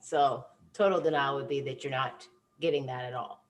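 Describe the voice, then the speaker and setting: A woman co-hosting a casual chat who laughs loudly and teases, then explains topics plainly. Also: extremely low pitch, fairly even intonation, moderate pace. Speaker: co-host.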